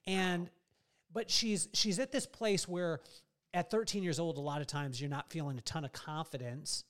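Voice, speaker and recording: A man's voice: on the high side, steady tone, normal speed. A middle-aged man hosting a podcast, chatting casually with his guest in an enthusiastic, admiring way. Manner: enthusiastic and admiring, with warm reactions. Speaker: podcast host. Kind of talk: casual interview chat.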